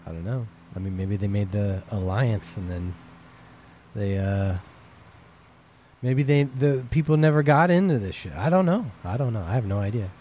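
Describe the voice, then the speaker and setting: A man's voice: on the low side, lively intonation, moderate pace, a little mellow, a little hiss or hum. A man talking casually as a podcast guest, hesitant and unsure. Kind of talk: casual chat.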